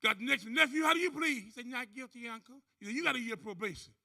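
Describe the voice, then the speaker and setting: A man giving an animated motivational testimony on a conference stage. He tells his story as a storyteller, acting out other people's voices and whooping. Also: very high voice, fast, creaky. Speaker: conference speaker. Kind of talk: motivational testimony to a live audience.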